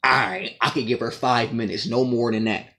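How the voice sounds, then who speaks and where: A man's voice: medium pitch, normal speed, sharp tone. A man in an aggrieved, profane monologue to the camera, repeating his points as he rants. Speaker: vlogger.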